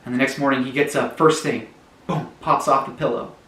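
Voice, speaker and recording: Man, joke storyteller, deadpan, mock-tragic, roomy echo. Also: mid-range voice, fairly quick. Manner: deadpan mock-tragic narration, trailing quiet. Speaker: comedy storyteller. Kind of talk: rambling absurd joke storytelling.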